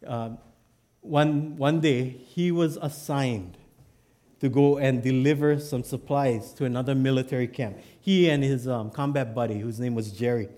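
Male pastor, sermon storyteller, animated, loud to hushed. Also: medium pitch, a little slow. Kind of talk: sermon, telling a joke story.

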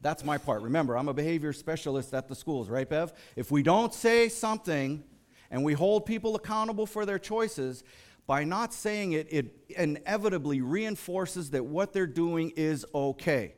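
A man's voice: on the high side, moderate pace. An American man giving a sermon, telling stories animatedly and acting out the voices of the people in them. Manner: animated storytelling, acts out quoted voices. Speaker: lay preacher.

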